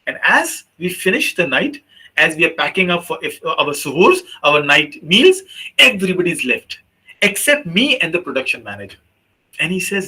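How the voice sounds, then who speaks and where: A male teacher trainer speaking to teachers in a webinar, his voice high for a man and bright. His tone is a little husky, and he tells stories with lively quoted voices. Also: moderate pace, low-quality recording. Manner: animated storyteller, acts out quoted voices. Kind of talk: workshop talk with storytelling.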